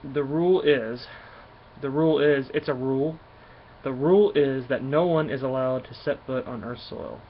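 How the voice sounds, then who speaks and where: A man's voice: mid-range voice, normal speed, dull audio, slight background noise, lightly acted. A man reading the lines of a stern middle-aged king and father from a comic, in an everyday voice.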